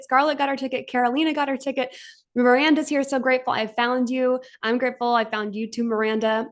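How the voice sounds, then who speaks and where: A woman hosting a live stream for her business community, speaking in a gushing, heartfelt way with frequent "like" fillers. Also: on the high side. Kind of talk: emotional motivational live stream. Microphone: webcam on a live stream.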